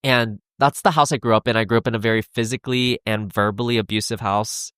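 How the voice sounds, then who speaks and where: A young adult man hosting a solo podcast, talking earnestly in a halting way with many restarts and fillers. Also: on the low side, steady tone, fairly bright tone, clean tone, dry recording, studio quality. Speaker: podcast host. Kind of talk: solo confessional podcast talk.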